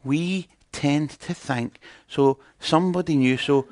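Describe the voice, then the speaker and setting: A man's voice: a little high, takes it slowly, darkish tone, dry recording, studio quality. A man preaching in a conversational teaching style, chatting and putting questions to his audience.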